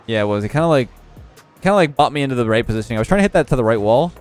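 A young man casually commentating his own match, relaxed and analytical, sleepy and yawning as he has just woken up. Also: mid-range voice, very fast, faint music behind.

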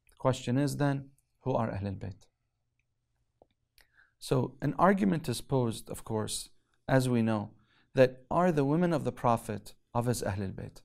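A male religious lecturer giving a theology lesson, reciting Arabic quickly and explaining in English with emphatic pauses. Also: mid-range voice, expressive, gravelly, a little mellow.

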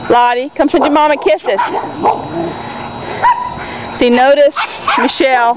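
A woman's voice: fairly even intonation, a little slow, very noisy. A woman filming her dogs in a yard, cooing and calling to them and chatting to viewers in a casual home video. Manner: coos and calls to dogs in a high sing-song voice. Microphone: handheld camera. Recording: dull lo-fi home video with loud dog barking. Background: dogs barking.

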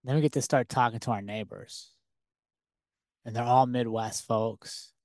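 A man hosting a podcast, telling a personal story in a lively, conversational way full of rhetorical questions. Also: medium pitch, unhurried, no echo, clean studio sound. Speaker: podcast host. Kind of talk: casual storytelling monologue.

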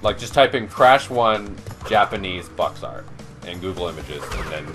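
A man's voice: low voice, expressive, normal speed, a bit bright, soft background music. A young man hosting a let's play, rambling in casual gaming chat with many restarts and curses. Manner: rambling, lots of restarts and swearing.

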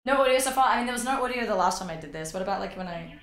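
A woman's voice: mid-range voice, animated, racing, fairly bright tone, roomy sound. A woman streaming a game live, chatting and swearing freely with her chat and sing-songing greetings, her voice a bit worn out.

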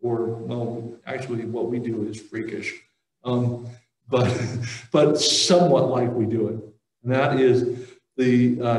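A man's voice: medium pitch, darkish tone, recorded from a distance. A man giving a casual, joking religious talk at a conference and taking audience questions, with many fillers and restarts. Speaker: conference speaker. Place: conference hall. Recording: roomy hall audio, voice heard from afar.

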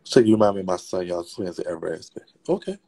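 Man, livestream host, raspy, gravelly, sassy gossip, lively swooping pitch. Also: quick pace. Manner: sassy, profane, chatty.

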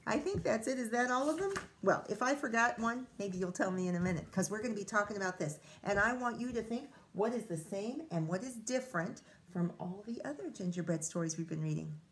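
A woman teacher reading a storybook aloud to children, pausing to chat and ask them questions. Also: medium pitch, expressive, a little hiss or hum. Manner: chatty, asks children questions.

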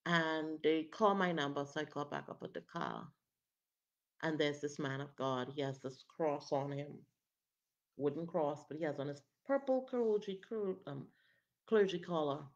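Low-voiced woman telling an animated testimony. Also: normal speed. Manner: animated, acts out the other people's lines. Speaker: prophetess. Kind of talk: testimony storytelling. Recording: dull lo-fi recording.

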